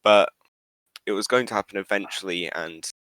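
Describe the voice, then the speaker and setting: Low-voiced man, dry close sound. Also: normal speed, fairly bright tone, dry recording. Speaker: podcast co-host. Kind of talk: casual podcast chat.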